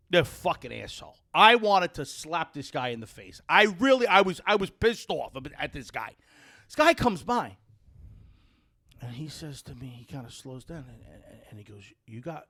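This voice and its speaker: A man with a New Jersey accent hosting a podcast, telling a story in loud, profane, heated bursts. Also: fairly high pitch, dry recording, clean studio sound. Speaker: podcast host. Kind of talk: casual chat.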